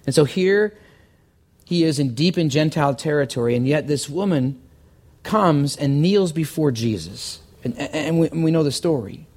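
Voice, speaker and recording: A man preaching a sermon as pastor, earnest, often repeating words and climbing higher when stirred. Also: lively intonation, moderate pace, a little mellow.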